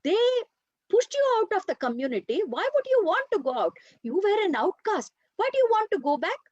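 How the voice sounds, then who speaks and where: A woman's voice: very animated, mellow, dry recording. A woman voicing an incredulous male seagull who questions his friend in disbelief, in a dry, dull lo-fi recording. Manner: disbelieving, high and hurried.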